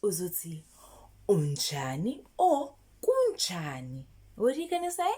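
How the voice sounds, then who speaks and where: A woman's voice: lowish voice, wildly swooping pitch, mellow, breathy edge. A woman teaching children, prompting them to repeat after her and praising them. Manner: slow, sing-song, encouraging repetition prompts. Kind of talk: children's language lesson.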